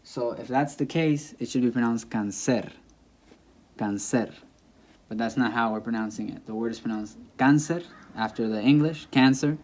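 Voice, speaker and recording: A man teaching a language lesson in a patient, repetitive way, saying example words aloud several times so the stress is clear. His voice is mellow and dark, at a middle pitch for a man. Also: a little fast, few pauses. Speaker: Spanish teacher. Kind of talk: classroom-style lesson explaining grammar.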